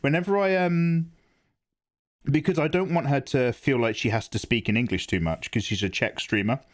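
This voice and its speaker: A man streaming live art who chats casually with viewers in a rambling, animated way and often laughs. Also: medium pitch, moderate pace. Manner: animated, rambling, laughs into his own impressions. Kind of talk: casual livestream chat.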